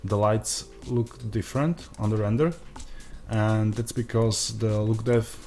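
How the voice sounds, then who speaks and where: Man, Eastern European accent, lowish voice, hesitant tutorial commentary, desk mic, faint background music. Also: fairly even intonation, unhurried, warm tone. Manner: hesitant, frequent uh and um fillers. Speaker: software tutorial creator. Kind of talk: screen-recorded tutorial commentary.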